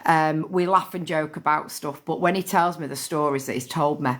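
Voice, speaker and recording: A woman's voice: low-pitched, normal speed. A middle-aged woman, chatting casually on a phone livestream and thanking viewers by name. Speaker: livestream host.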